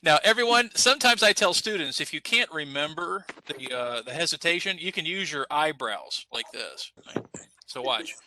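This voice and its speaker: Lively, bright-voiced male ESL teacher. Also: on the high side, normal speed, slight background noise, rough recording. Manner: upbeat, coaching students to repeat. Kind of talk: online class instruction.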